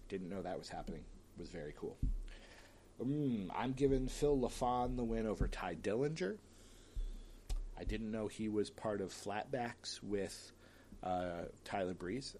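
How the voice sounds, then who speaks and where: Talking casually by himself, a man with a fairly low, darkish voice works through wrestling matchups and names his picks. He's chatty and opinionated, lets out an occasional sigh, and there's slight noise in the background.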